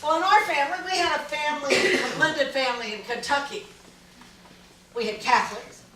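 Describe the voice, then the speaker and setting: A middle-aged woman comedian telling stand-up stories in an animated way, breaking into loud yelling impressions. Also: high-pitched, brisk, background noise. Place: small live music venue. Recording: echoey room from far off, audience laughter.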